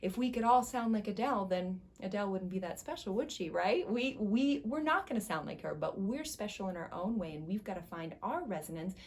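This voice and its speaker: A woman voice teacher giving a casual, encouraging singing lesson, chatting and now and then breaking into high sung slides. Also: animated, a little fast, few pauses. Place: music school studio.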